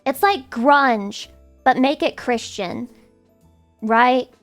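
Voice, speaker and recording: Young Southern woman streamer, high voice, faint music underneath, cusses a lot, playful. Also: extremely slow. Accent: Southern American. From American South. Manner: swears freely, playful and loud with sudden high squeals. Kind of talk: casual stream chat reading viewer messages.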